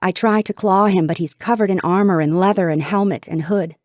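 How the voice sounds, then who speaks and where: A woman reads an audiobook in the first person, with intense, dramatic delivery. Her voice is on the lower side, recorded close and dry on a studio mic. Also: fairly quick, a little mellow, no room sound. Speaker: audiobook narrator.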